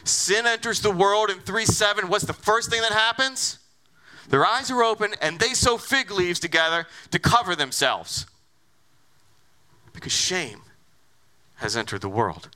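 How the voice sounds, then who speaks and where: Animated preacher with a bright voice. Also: male voice, high-pitched, measured pace. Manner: animated and conversational, with rhetorical questions. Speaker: pastor. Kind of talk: sermon.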